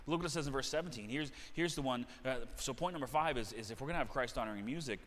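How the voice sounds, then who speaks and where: A man's voice: medium pitch, racing, fairly bright tone, long reverb tail. A middle-aged man preaching a sermon as pastor, talking in a conversational way that repeats and restarts phrases. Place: church sanctuary.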